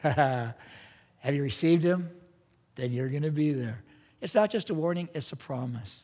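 A man's voice: a little high, animated, normal speed. A man preaching a sermon as pastor, earnest and emphatic, with strong rises in his delivery. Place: church sanctuary. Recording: church hall with long reverb.

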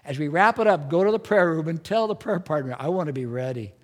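A pastor with a fairly high, expressive voice preaches quickly in a church sanctuary. His sermon is earnest and emphatic, marked by strong rises, and the hall adds long reverb.

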